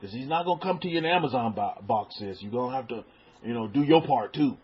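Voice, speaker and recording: A middle-aged man preaching in a relaxed, conversational way, stumbling over repeated words and dropping into soft asides. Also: mid-range voice, brisk, crowd noise. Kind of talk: sermon. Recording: dull lo-fi sound.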